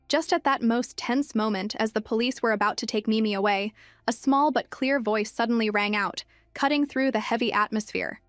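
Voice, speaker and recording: Higher-voiced woman narrating a story recap. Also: moderate pace, no echo, soft background music. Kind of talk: scripted narration.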